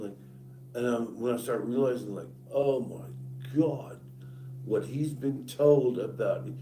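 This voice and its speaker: A man ranting at length to someone who is not there, cursing and calling him selfish, swinging between loud outbursts and muttering. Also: on the low side, roomy sound, rough recording. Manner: angry, profane, addresses absent man directly. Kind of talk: ranting monologue.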